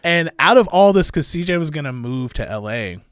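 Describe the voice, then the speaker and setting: A man's voice: on the high side, sing-song, fairly quick, a bit bright, clear, resonant tone, no echo, studio quality. A young man from Illinois, a comedy club manager guesting on a podcast, telling stories in a loose, profane way, often laughing and acting out other people's voices. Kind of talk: casual storytelling.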